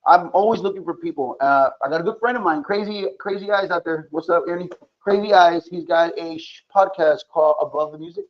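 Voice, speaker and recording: Male podcast host, a bit high-pitched, loose and talkative; dull lo-fi recording. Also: a little fast, few pauses. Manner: chatty, gives many shout-outs, mixes in Spanish words. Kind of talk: casual podcast chat.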